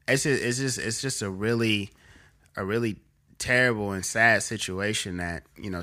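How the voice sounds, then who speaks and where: A young man with a lowish, bright voice co-hosts a laid-back podcast chat. He thinks aloud in long, winding sentences and keeps restarting his phrases. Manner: rambling, many fillers and restarts, reflective. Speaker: podcast co-host. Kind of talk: casual chat.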